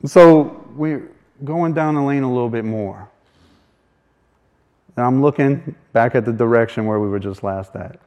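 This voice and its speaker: A man's voice: medium pitch, darkish tone. A man sharing a faith testimony as a folksy, chuckling storyteller who acts out the voices of people in his story. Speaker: speaker sharing a personal testimony.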